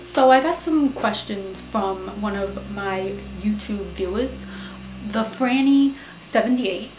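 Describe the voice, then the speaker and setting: A woman playing a brash, foul-mouthed young Staten Island woman with a New York accent, who rants loudly and says "you know" a lot. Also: medium pitch, slow, over loud music, close to an everyday voice. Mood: chatty, confident. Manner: loud, profane, indignant, full of "you know". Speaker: advice-giving vlogger character. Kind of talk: comic character monologue to camera. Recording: roomy echo.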